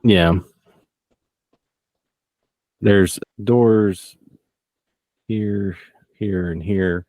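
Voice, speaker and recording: A man narrating a tabletop role-playing game as game master, relaxed and chuckling as he describes scenes. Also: lowish voice, extremely slow, long pauses, no room sound, lo-fi sound.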